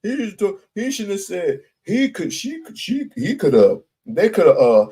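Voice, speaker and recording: Slow, heated man ranting on camera. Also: high voice, huge pitch swings, dark tone, slightly rough, poor audio. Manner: blunt, profane, repeats himself for emphasis. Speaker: commentator. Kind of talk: heated commentary rant.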